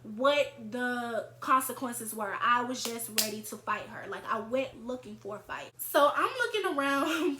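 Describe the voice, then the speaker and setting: A young woman vlogger telling a storytime tale in an animated, chatty way. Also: a little high, noisy background. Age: young adult. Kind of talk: storytime vlog. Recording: echoey room.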